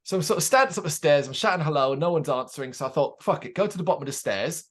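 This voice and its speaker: A podcast co-host on a casual chat show tells an animated anecdote, acting out the people in it and swearing freely. His voice is a little high and he races along.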